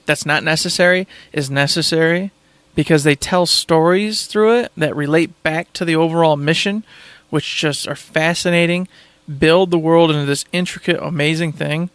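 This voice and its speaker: An enthusiastic man rambles through a casual podcast chat in a slightly higher voice. The sound is close and dry, with no room echo. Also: a bit bright, clean tone. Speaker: podcast host.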